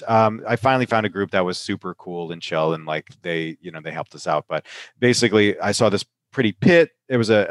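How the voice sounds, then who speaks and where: A man with a fairly low voice chats loosely on his podcast, run down from a sinus infection and laughing as he goes. He keeps tagging his points with "right?". The recording is dry and close, with no room sound. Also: no room sound. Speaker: podcast host and pharmacist. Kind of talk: casual podcast chat.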